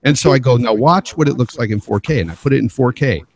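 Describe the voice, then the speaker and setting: A man's voice: mid-range voice, fast. A man, a father of a twelve-year-old, telling a story in casual podcast chat over a home mic. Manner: storytelling, animated retelling. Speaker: podcast co-host.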